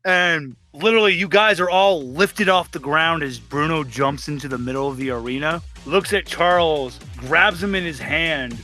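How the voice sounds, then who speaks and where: A man narrating a tabletop game as game master, animated and slipping into voices for the characters, with faint music behind him. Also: fairly high pitch, normal speed, hardly any pauses.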